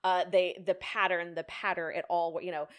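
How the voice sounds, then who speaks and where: A woman's voice: lowish voice, clean tone. A woman from the South, a podcast co-host and singer, chatting animatedly about opera. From American South. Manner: animated, quick to jump in, playful. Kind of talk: casual conversation about opera.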